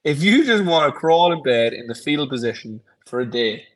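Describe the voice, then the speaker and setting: A man's voice: mid-range voice, lively intonation, a little fast, rough recording. A man co-hosting a podcast in casual chat, encouraging and thinking aloud as he talks. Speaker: podcast co-host.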